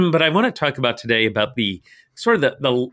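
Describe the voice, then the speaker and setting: A man from St. Louis, co-hosting a casual Bible podcast, chatty and quick to laugh, with many restarts. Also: a little high, big pitch swings, fairly bright tone. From St. Louis, Missouri. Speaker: podcast co-host.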